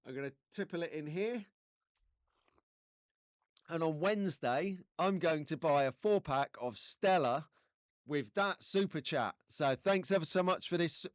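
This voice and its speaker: A man's voice: a little high, measured pace, no room sound. A man from England hosting a casual live stream, chatty and jokey, greeting viewers by name.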